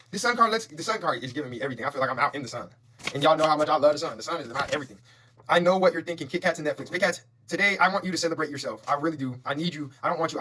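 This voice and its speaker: A man's voice: fairly high pitch, bright, forceful tone. A man giving a motivational tarot reading, fervent and repetitive, preaching affirmations and swearing casually. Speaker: tarot reader.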